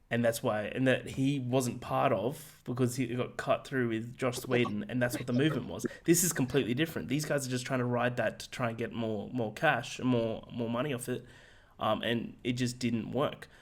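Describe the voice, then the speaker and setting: A man co-hosting a podcast, giving a casual, rambling film review with many fillers and restarts in a monotone voice. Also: medium pitch. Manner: calls his voice monotone. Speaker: podcast co-host.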